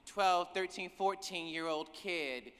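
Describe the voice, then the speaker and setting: A woman's voice: on the low side, takes it slowly, fairly bright tone, clean tone. A woman giving an emotional, emphatic conference keynote, calling out to the audience. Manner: emotional, emphatic, calls out to the crowd. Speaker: keynote speaker. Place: large conference hall. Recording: reverberant hall with cheering crowd.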